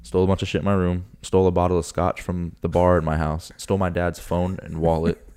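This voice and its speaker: A man's voice: sits low, little pitch movement, fast, warm tone, clean tone. A young man in his twenties from Florida, co-hosting a podcast and telling a story in casual chat, acting out quotes with swearing and laughter. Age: 20s. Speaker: podcast co-host.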